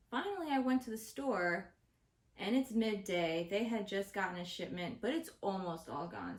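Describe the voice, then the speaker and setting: A woman hosting her own show, delivering an exasperated, profane comedic rant to the camera. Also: medium pitch. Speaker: host. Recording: roomy echo.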